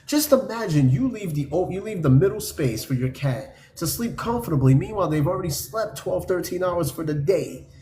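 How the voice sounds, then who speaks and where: Male podcast host, slightly high voice, casual and profane, light background noise. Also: lively intonation, normal speed, few pauses, dark tone. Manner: blunt, profane, mocking. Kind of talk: casual podcast commentary reading a list.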